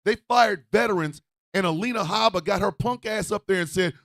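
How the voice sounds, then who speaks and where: A man hosting a radio show, ranting in a profane, fiery way and often shouting. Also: sits high, big pitch swings, moderate pace, vocal fry, dry recording, studio quality.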